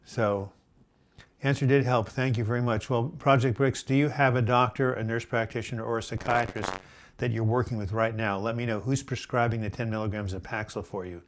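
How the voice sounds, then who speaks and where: A middle-aged man hosting a live chat, reading viewer comments aloud and answering them with gentle advice, full of fillers and restarts. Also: medium pitch, steady tone, fairly quick. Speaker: host answering viewer questions.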